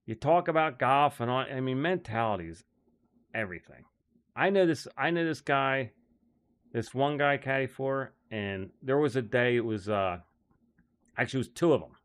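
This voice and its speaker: Male caddie host, mid-pitched, loose rambling delivery full of fillers and chuckles. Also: expressive, moderate pace, clean tone. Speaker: golf caddie and show host. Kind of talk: casual rambling monologue.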